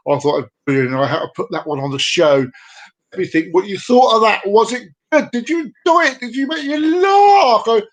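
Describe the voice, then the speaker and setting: A man's voice: high voice, rough recording. A man hosting a casual live comedy show, chatty and playful, giggling at his own jokes. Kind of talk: casual joke-telling.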